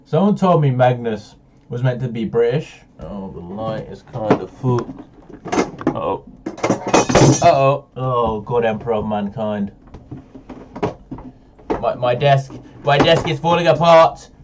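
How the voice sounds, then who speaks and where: A man's voice: medium pitch, expressive, measured pace, background noise. A man hosting a casual reaction video, chatty and rambling. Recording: slightly dull home mic.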